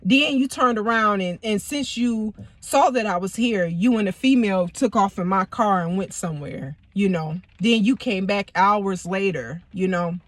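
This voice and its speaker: A woman's voice: medium pitch, moderate pace, hardly any pauses, no room sound. A woman casually telling a personal story to her viewers, talking loosely with lots of "you know" and some swearing. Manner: conversational, peppered with "you know" and profanity. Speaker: vlogger.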